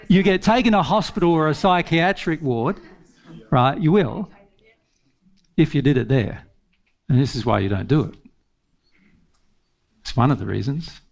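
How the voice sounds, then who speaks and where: A man's voice: mid-range voice, vocal fry. A man giving an informal spiritual teaching talk, earnest, repeating phrases and laughing often.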